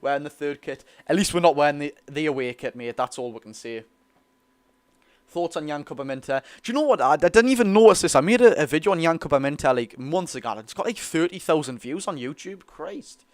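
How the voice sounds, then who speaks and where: A man's voice: on the high side, brisk, dry recording. A young man with a Geordie accent, chatting casually with viewers during a live football watch-along and reading out their comments. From North East England. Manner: chatty, excitable, reads chat aloud. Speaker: football fan streamer.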